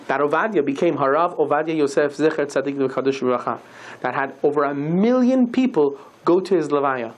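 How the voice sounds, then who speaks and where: Man giving an animated sermon. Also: on the high side. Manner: animated storyteller acting out quoted dialogue. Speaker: rabbi. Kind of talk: sermon with storytelling.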